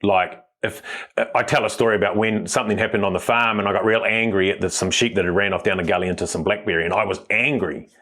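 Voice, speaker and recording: A man, a mindset coach, explaining ideas as a guest in a podcast interview, quick and emphatic, with stories from the farm. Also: lowish voice, steady tone, a bit bright.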